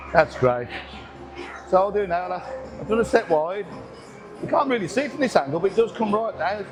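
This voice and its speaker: A man in his sixties chats his way through a gym session, swearing cheerfully and puffing between sets. His voice sits fairly high for a man. Music plays clearly in the background. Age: 60s. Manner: joking, swearing, breathless from lifting. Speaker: gym vlogger. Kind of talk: casual workout commentary. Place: busy gym with music playing.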